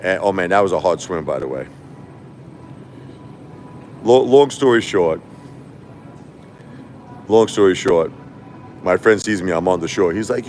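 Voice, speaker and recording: A man's voice: low voice, animated, unhurried, long pauses, darkish tone, slight background noise. A middle-aged man, hosting a live stream and telling rambling stories, repeating himself and laughing often. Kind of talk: casual live-stream storytelling.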